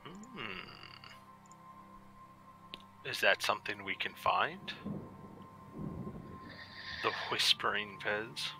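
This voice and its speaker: A man's voice: on the low side, takes it slowly, pauses often, music in the background, poor audio. Hesitant man asking the game master. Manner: questioning, hesitant. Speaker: player. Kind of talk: casual tabletop game chat.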